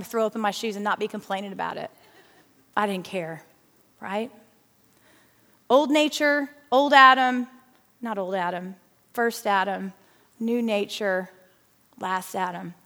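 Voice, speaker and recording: A middle-aged woman with a fairly high voice leads a Bible lesson in a big church hall, where her words ring on with a long reverb. She talks in a chatty, animated way and keeps calling her listeners guys. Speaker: Bible study teacher.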